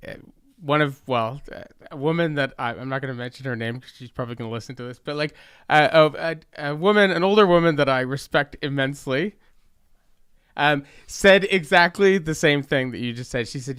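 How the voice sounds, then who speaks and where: A man hosts a podcast in easy, casual talk, his voice smooth and resonant. He rambles as he tells his story and restarts his sentences often. The sound is dry and close. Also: medium pitch, moderate pace, a bit bright, dry recording. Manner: rambling, many fillers and restarts. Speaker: podcast host. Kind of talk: casual conversation.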